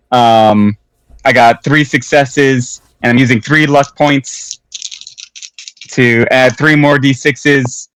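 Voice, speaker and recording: A man's voice: mid-range voice, fairly bright tone, no room sound, low-quality recording. Give me a male tabletop player who talks casually and swears freely. His voice sits mid-range, and it was recorded dry and close.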